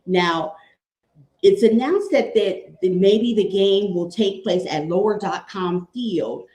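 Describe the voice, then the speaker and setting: A woman from Cleveland chats about football as a guest, taking her time. She repeats her points with a die-hard fan's enthusiasm. Her voice rings in a roomy, echoing space, at a middle pitch. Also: slow, darkish tone. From Cleveland, Ohio. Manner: chatty, repeats phrases, fan enthusiasm. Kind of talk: casual sports chat.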